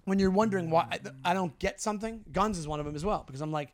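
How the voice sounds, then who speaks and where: A man, co-hosting a podcast and telling animated stories with swearing and restarts. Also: high-pitched, quick pace. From Long Island, New York. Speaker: podcast co-host. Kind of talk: casual chat.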